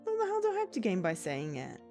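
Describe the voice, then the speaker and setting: A woman's voice: fairly low pitch, wildly swooping pitch, fast, warm tone, soft background music. A woman voicing a blunt, dry-humored invisible young ghost woman while reading a visual novel aloud.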